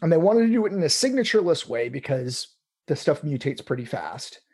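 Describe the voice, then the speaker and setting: A man's voice: a little high, big pitch swings, brisk, a little mellow, husky. A man hosting a casual tech chat, rambling with restarts and fillers. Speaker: podcast host.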